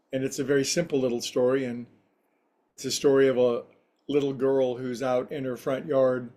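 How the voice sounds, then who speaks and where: A man giving a spiritual talk to a livestream group as meditation teacher, telling a story in a gentle, reflective way. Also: mid-range voice.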